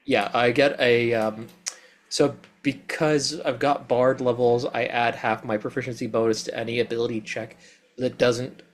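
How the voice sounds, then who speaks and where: A man's voice: medium pitch, little pitch movement, moderate pace. Hesitant man thinking aloud. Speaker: player. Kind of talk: playing a tabletop game.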